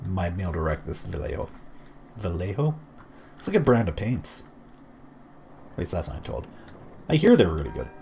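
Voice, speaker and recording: Gravelly low-voiced man, casual game streamer, rambling, self-mocking, faint hiss behind. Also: huge pitch swings, a little fast, pauses often, warm tone. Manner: rambling, self-deprecating asides. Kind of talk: casual gameplay commentary.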